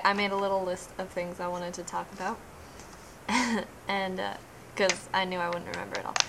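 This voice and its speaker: A woman's voice: fairly low pitch, fairly bright tone, slight background noise, rough recording. A young woman casually talking to camera in a reaction vlog, gushing and emotional, often trailing off mid-sentence. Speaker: vlogger.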